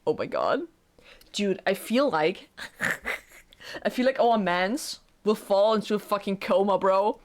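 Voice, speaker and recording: A young woman who streams games, reacting to a visual novel on a first playthrough in an excitable, gushing way, swearing and laughing, with faint game music behind her. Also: medium pitch, slow, pauses often. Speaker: gaming streamer.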